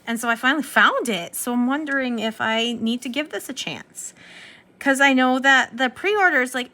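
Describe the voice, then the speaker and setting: A woman's voice: on the high side, sharp tone, a little hiss or hum. A young woman vlogging about her planners in a rambling, self-interrupting casual chat. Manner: scattered, self-interrupting, talks to her dog.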